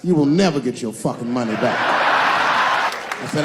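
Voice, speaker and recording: A man with a high voice tells a stand-up story and acts out the people in it in a lively way. There is faint noise behind him. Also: a little fast, long pauses, a crowd in the background. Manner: lively storytelling with acted-out quotes. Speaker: stand-up comedian. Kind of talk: stand-up comedy routine.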